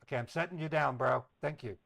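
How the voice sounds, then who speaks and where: Amid crowd noise and a rough recording, a man with a creaky, medium-pitched voice talks at a quick pace. As host of a scambaiting livestream, he chats playfully with viewers and fakes eager enthusiasm for the scammer on the line.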